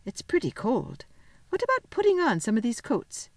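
A woman reading aloud, voicing a fussy, sensible young schoolgirl in a high, fretful voice. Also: huge pitch swings, normal speed, no echo.

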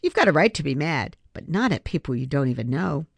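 A woman's voice: low voice, big pitch swings, a little fast, gravelly, no room sound, exaggerated voice. A woman doing a sassy, sure-of-herself schoolgirl. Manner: sassy, confident. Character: bold, sharp-tongued schoolgirl who likes the last word.

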